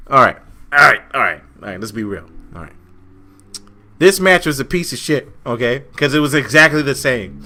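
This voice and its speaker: A young man co-hosts a casual wrestling review podcast, ranting with heavy swearing and lots of repetition. His voice is medium in pitch, pushed and bright.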